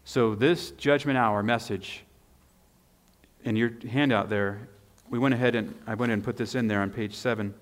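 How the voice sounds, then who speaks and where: Man, preacher, emphatic sermon, mid-pitched voice, long hall echo. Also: normal speed. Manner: animated, emphatic, points to slides and handout. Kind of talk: sermon with Bible reading.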